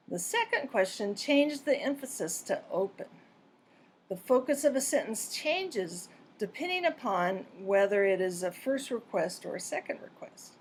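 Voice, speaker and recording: A woman narrating a scripted pronunciation lesson in a clear, deliberate and measured way. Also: medium pitch, slight background noise. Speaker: pronunciation teacher.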